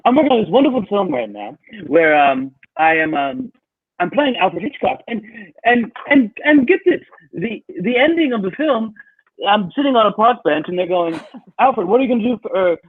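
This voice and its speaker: Chatty old british actor guy, as a man fakes it, high and rushed, tinny dry audio. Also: animated, slightly rough, no room sound. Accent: British, put on badly. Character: male film actor, older, gracious and chatty. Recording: dry tinny phone-like line.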